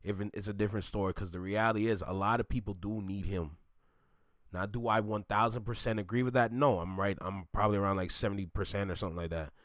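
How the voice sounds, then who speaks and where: A man's voice: fairly low pitch, fairly even intonation, quick pace, no echo, studio quality. A man from Toronto hosting a reaction video, ranting bluntly and repeating his points for emphasis. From Toronto, Canada.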